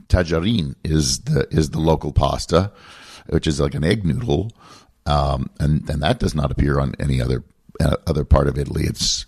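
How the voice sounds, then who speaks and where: A middle-aged man, a podcast co-host, chatting casually and telling relaxed stories. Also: a bass voice. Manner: relaxed, storytelling. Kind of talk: casual chat.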